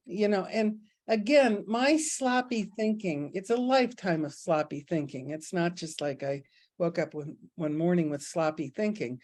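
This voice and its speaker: A woman's voice: fairly low pitch, moderate pace, a little mellow. A middle-aged woman giving a casual spiritual talk, candid and self-mocking, telling stories from her own life and laughing often. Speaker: spiritual teacher.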